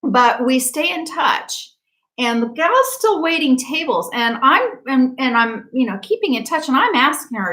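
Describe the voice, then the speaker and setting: A woman practitioner telling a story in a casual monologue, lively and chatty, full of fillers and acted-out quotes. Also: high voice, normal speed, poor audio. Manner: animated, acts out quoted speech. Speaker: quantum healing practitioner.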